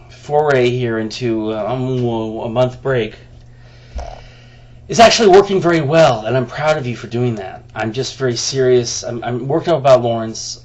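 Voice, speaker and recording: A man's voice: medium pitch, a little mellow. A man venting to the camera in a heated, profane rant. He often restarts his sentences, and he talks to himself by name. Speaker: vlogger.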